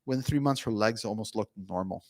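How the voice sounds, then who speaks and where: A man speaking as a pain physician at a conference, telling patient stories in an animated way with many fillers and restarts. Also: lowish voice, a little fast, dry recording. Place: conference room.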